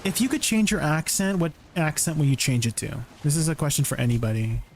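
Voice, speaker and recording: A man's voice: on the high side, a little fast, slight background noise. Chatty laughing man streamer. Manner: chatty, laughs often, answers chat questions. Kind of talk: casual live-stream chat with viewers.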